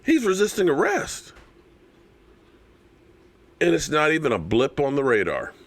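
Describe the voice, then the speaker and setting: A man hosting a live fan stream, ranting in an animated, sarcastic way with lots of repeated phrases. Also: fairly high pitch, a little slow. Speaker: sports channel host.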